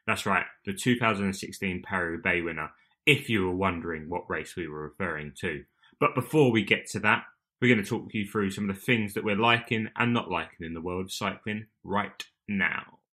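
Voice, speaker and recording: A man's voice: low voice, fairly quick, pushed and bright. A man hosting a cycling podcast, chatting and joking with his co-host in a casual way. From United Kingdom. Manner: chatty, jokey banter. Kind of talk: casual chat.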